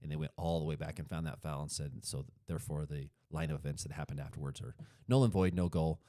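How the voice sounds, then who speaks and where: A man's voice: a bass voice, fast, warm tone, dry recording, studio quality. A man with a Colorado accent, co-hosting a podcast in casual chat, rambling and correcting himself as he goes. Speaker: podcast co-host.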